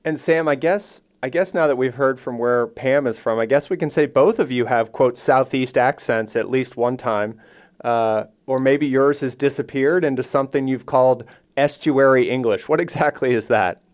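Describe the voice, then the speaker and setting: A man hosting a podcast, reading a scripted introduction and asking questions in a measured, friendly way. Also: mid-range voice. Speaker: podcast host.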